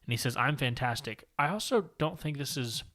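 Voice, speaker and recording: A man's voice: medium pitch, expressive, brisk, bright, forceful tone. A man co-hosting a comic book podcast, casually recapping and reading panels aloud in a long-winded, rambling way. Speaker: podcast co-host.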